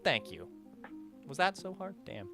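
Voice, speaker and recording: A young-sounding man streams from home, rambling and cursing his way through donation shout-outs. His pitch jumps around a lot as he talks. Faint music plays softly behind him. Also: measured pace. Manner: rambling, swears a lot, animated swings in pitch and loudness. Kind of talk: casual livestream chat reading donations.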